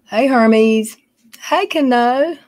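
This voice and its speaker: A woman's voice: on the high side, extremely slow, a little mellow, no echo. Chatty woman live-streaming. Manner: chatty, reads viewer names aloud, folksy. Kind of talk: casual live-stream chat. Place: dim room at home.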